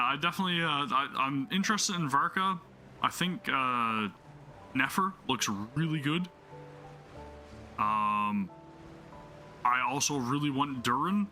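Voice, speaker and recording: Pushed and bright, a mid-range male voice delivers casual commentary while playing on his gaming channel. He's enthusiastic and meandering, stuffing his talk with fillers and restarting sentences.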